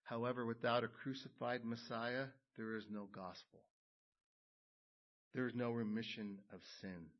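A man preaching a sermon, building to loud emphatic peaks and then dropping low and quiet. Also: level tone, measured pace. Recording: dull lo-fi sound.

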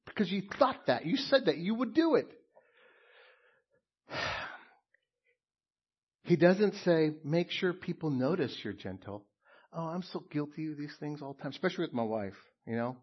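A man preaching a sermon as a pastor, earnest and emphatic, with pauses and repeated phrases. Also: fairly high pitch, animated, breathy edge, lo-fi sound.

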